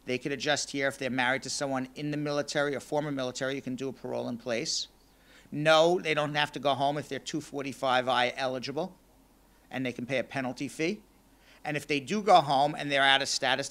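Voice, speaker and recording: A hoarse man losing his voice, hosting a live call-in radio show and giving legal advice step by step in a fast, energetic way. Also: medium pitch. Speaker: immigration lawyer and radio show host.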